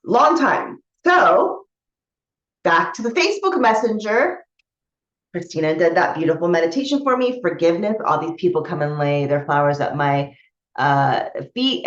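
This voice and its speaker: A woman who coaches others on spiritual matters, telling a personal story in a candid, rambling way, with restarts and casual swearing. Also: lowish voice. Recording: echoey room, dull lo-fi sound.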